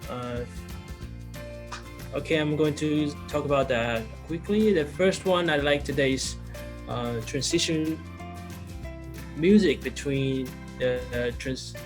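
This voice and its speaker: A man sums up the meeting over a video call in plain, unhurried English, going through his points one at a time with small pauses. Music plays clearly underneath his voice. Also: medium pitch. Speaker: general evaluator. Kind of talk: online meeting report.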